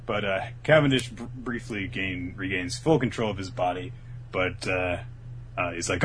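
A podcast co-host chats casually while recapping an anime, retelling episodes with lots of energy and acting out characters' lines in raised voices. His voice is low and his speed normal, with a little hiss or hum.

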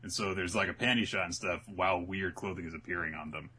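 A man hosting a relaxed podcast with a forceful, husky voice. He retells scenes animatedly and jumps into quick character voices. His tone stays low. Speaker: podcast host. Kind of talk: casual chat.

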